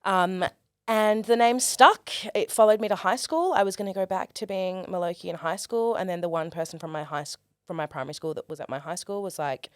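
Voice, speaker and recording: A young Australian performer telling stories in a casual interview, animated and comic, acting out quoted voices. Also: female voice, fairly low pitch, brisk, smooth, no echo, clean studio sound. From Australia, Perth. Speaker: guest, performer.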